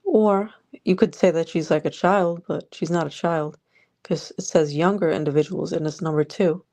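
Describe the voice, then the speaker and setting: A woman's voice: lowish voice, steady tone, moderate pace, warm tone. A woman vlogger ranting sarcastically about politics straight to the viewer. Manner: sarcastic, exasperated, talks to the viewer.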